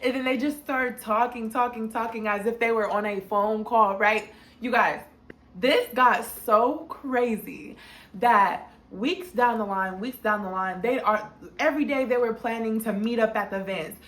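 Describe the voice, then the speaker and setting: A young woman telling a casual storytime in a slangy, animated way, jumping up high when she quotes people. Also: unhurried. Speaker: storytime vlogger. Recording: echoey room.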